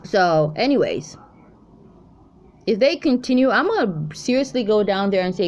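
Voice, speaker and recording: A woman's voice: mid-range voice, sing-song, moderate pace, darkish tone, muffled recording. A woman, talking to her viewers in a profane, rambling, exasperated rant. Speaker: intuitive reader vlogger. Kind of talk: casual ranting commentary.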